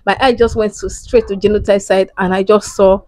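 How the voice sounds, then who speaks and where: A woman's voice: mid-range voice, steady tone, fairly quick, darkish tone, dry recording. A young woman with a Nigerian accent tells a personal story-time vlog, candid and emotional, acting out what people said and laughing at her own pain. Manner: emotional, candid retelling with quoted dialogue and rueful laughs. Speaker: vlogger.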